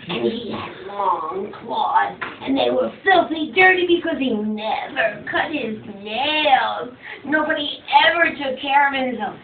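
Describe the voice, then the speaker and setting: A woman telling a story to a child, with dramatic swings of voice for effect. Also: on the high side. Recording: far from mic, phone-like, echoey, faint noise.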